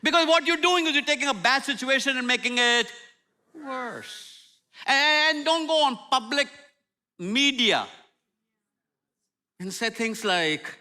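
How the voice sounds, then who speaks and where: An older man preaching a sermon as a guest speaker, humorous and animated, acting out prayers and apologies in a church. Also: very high voice, takes it slowly, long pauses. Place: church sanctuary.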